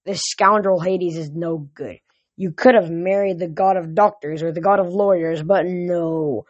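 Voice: mid-range voice, fairly even intonation, unhurried, no echo, muffled recording, close to an everyday voice. An audiobook reader voicing a stern, nagging older goddess who scolds her daughter, in a dry close recording. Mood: scolding. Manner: scolding and complaining.

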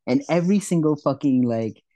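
A man co-hosting a podcast in casual chat, rambling and swearing, with sudden excited loud bursts. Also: fairly high pitch, brisk, no echo. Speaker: podcast co-host.

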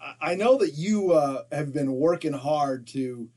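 A man's voice: on the high side, lively intonation, a little slow, mellow. A man from Utah co-hosting a podcast in casual chat, joking, laughing often and stammering through restarts. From Utah, USA. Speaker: podcast co-host.

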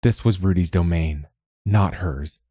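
Deep husky male storyteller. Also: unhurried, mellow, no echo, clean studio sound. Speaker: narrator. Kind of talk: scripted story narration.

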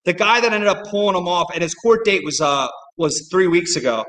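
A man, a comedy club owner, telling a rambling, animated story in casual chat. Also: sits high, brisk, big-room sound, poor audio.

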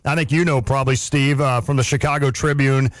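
A man hosting a sports radio show, chatting casually with self-deprecating quick asides into a studio mic. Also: mid-range voice, steady tone, no echo.

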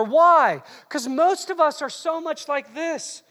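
A preacher delivering an animated, teasing sermon that swings between quiet asides and shouted bursts, recorded in a large hall. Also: sits high, slow. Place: large hall with long reverb. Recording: long hall reverb.

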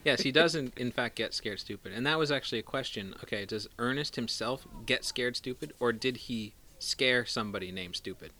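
A man's voice: mid-range voice, brisk, hardly any pauses, bright, forceful tone, slight background noise. A man co-hosting a casual movie podcast, retelling scenes with lots of laughter and silly voices. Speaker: podcast co-host. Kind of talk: casual movie review chat.

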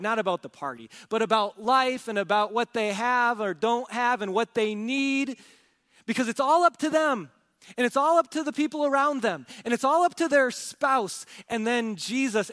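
A man preaching a sermon as a pastor, emphatic and full of rhetorical questions, swinging between loud and soft. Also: very high-pitched. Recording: long reverb of a large hall.

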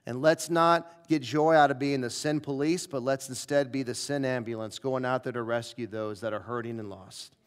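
A male preacher telling a personal story in a revival sermon, acting out the dialogue with lively shifts of voice. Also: medium pitch, normal speed, hardly any pauses, clear, resonant tone. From southern United States.

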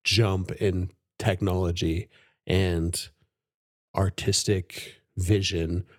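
Dude on a podcast, chatty, laughs a lot, lowish voice, dry mic. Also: male voice, flat delivery, very slow, dry recording. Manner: enthusiastic, laughs often, many fillers. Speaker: podcast co-host. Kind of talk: casual chat.

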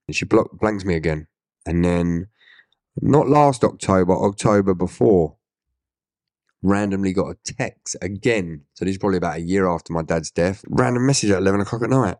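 Blunt Essex man, low dry voice. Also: lively intonation, normal speed, darkish tone, no room sound. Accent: Essex English. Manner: blunt, swears, acts out quoted dialogue. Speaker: interview guest. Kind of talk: candid storytelling interview.

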